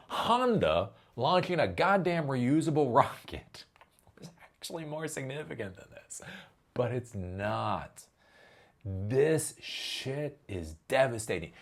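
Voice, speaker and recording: A man ranting in a commentary vlog, his pitch swinging up and down. He swears freely and bursts into loud exasperated outbursts, then drops low again. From Ohio, US. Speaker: tech commentary host.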